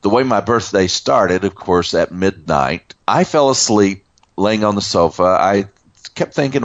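A man's voice: on the low side, animated, normal speed, no echo, highs cut off. A man in his sixties co-hosting a podcast, chatting casually, with fillers and easy laughs. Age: 60s. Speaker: podcast co-host. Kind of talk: casual chat.

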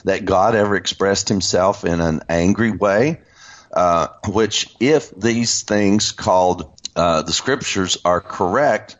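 A man teaching about scripture in an unscripted discussion, speaking haltingly with many fillers and restarts. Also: low voice. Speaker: Christian teacher. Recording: dull lo-fi sound.

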